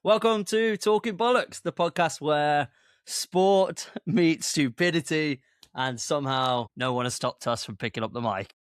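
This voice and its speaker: A man's voice: medium pitch, fairly even intonation, unhurried, smooth, no echo, clean studio sound. A man co-hosting a casual podcast, playful and laughing often. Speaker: podcast co-host.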